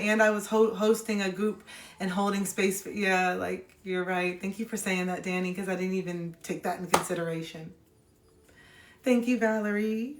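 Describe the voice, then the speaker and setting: A woman's voice: mid-range voice, reverberant. A woman in her thirties chatting candidly on a phone livestream, emotional and heartfelt, rambling with restarts. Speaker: livestreamer and card reader.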